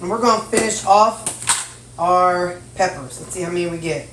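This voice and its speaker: In a roomy home kitchen, a middle-aged cooking vlogger from Missouri talks in a lowish voice at normal speed, folksy and half to herself as she measures and cooks. The distant mic catches background noise and the clink of dishes and cutlery.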